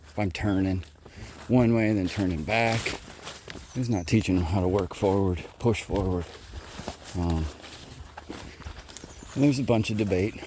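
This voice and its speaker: A man training bird dogs in the woods, explaining as he walks and praising his dogs. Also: deep voice. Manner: calls loudly to his dogs while explaining. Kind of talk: walking field narration to camera. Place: outdoors in the woods. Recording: outdoor field recording with noise. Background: birds and outdoor sounds.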